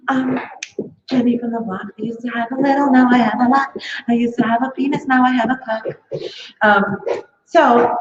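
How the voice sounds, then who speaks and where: A woman emcee with a fairly high voice, bouncing through her stories and breaking into shouts. The sound is roomy and echoey, with a slightly dull, muffled tone. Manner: animated storytelling with sudden shouts. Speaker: show host. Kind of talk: emcee banter at a comedy club.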